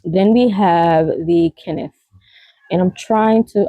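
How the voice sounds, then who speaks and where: A woman's voice: on the low side, slow pace, dry recording, phone-quality sound. A woman vlogger in casual chat, rambling and laughing often between many fillers.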